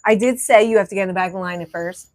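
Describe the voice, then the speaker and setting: A woman's voice: medium pitch, very fast. A woman telling a travel story in casual chat, insistent, often repeating "listen" and quoting herself. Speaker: cruise vlogger.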